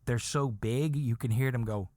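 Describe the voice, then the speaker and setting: A man voicing a calm, knowledgeable female coworker who explains things matter-of-factly. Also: mid-range voice, normal speed, very noisy, natural voice. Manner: matter-of-fact, reassuring.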